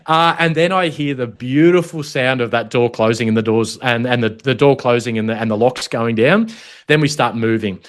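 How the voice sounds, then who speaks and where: A man's voice: mid-range voice, fairly quick. A middle-aged Australian man, a former protection officer, telling stories in an interview in a blunt, matey way with swearing, choked up at times. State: choked up, holding back tears at times. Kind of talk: emotional storytelling interview.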